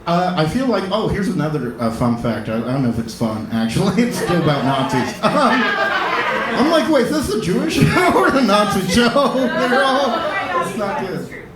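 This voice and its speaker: A man doing a stand-up comedy set on a club stage, talking in a halting way with lots of fillers and restarts. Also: sits high, very animated, over a noisy crowd. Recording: roomy club, distant mic, loud audience.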